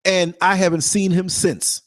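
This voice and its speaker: A man hosting a podcast who tells a story in a lively, casual way, acting out what people said and repeating himself for emphasis. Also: high voice, measured pace. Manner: animated, acts out quotes, emphatic repeats. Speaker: podcast host and former bus driver.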